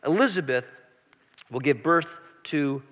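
Earnest pastor with a bright, high voice. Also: male voice, animated, measured pace, long reverb tail. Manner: earnest and emphatic, with frequent repetitions. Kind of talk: sermon.

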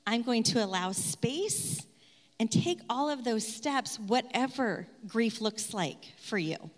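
A woman sharing a personal story, earnest and softly reflective. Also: on the high side, animated, slow. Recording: hall reverb.

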